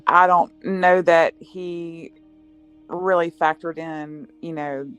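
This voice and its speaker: A woman's voice: fairly low pitch, fairly even intonation, slow pace, fairly bright tone, clean tone, soft background music, low-quality recording. A woman co-hosting a casual podcast chat, talking hesitantly and filling gaps with "you know" and "uh". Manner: hesitant, filler-heavy.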